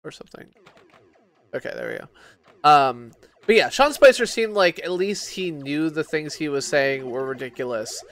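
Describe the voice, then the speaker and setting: A man's voice: fairly high pitch, lively intonation, moderate pace, fairly bright tone. A drunk man streaming games, rambling and swearing in casual chat, with lots of restarts and fillers. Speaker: game streamer.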